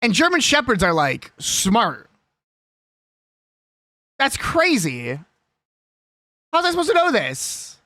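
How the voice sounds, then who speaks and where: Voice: medium pitch, huge pitch swings, slow, pauses often, bright, forceful tone, no echo. A young adult live streamer chatting casually and with strong opinions while reading a list aloud.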